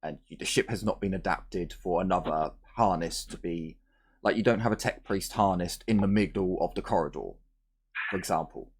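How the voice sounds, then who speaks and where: A man's voice: deep voice, normal speed, slightly rough. A man game master explaining rules and narrating a tabletop game in a chatty, joking way.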